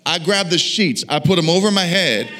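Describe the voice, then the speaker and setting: A man's voice: a little high, animated, normal speed, sharp tone. Brief man in his 50s, evangelist, folksy humorous sermon delivery, church setting.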